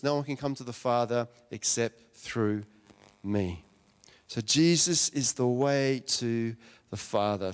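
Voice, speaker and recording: Chatty man preaching in a reverberant hall. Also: medium pitch. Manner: chatty, asks the listeners questions. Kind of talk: conversational sermon.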